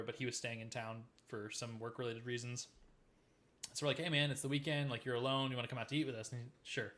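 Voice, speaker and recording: A man co-hosting a podcast, telling stories in casual chat with lots of swearing. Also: mid-range voice. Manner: fast, animated storytelling with profanity. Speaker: podcast co-host.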